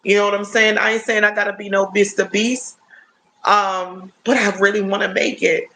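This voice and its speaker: A woman in her fifties chatting casually and warmly to her viewers on a phone livestream, often checking in with "you know what I'm saying?". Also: medium pitch, little pitch movement, moderate pace, a little hiss or hum. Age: 50s. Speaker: livestream host.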